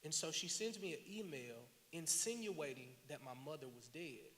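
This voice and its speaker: A man, a filmmaker guest, telling his story in an animated, slangy and earnest way on a panel at a live event. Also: fairly high pitch, moderate pace. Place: large hall at a live event. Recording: reverberant hall, faint hiss.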